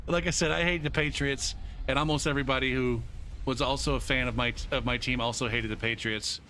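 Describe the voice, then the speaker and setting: Bright-voiced swearing game streamer, a man. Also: mid-range voice, normal speed, a little hiss or hum. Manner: profane, animated, laughs often. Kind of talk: live gameplay commentary and storytelling.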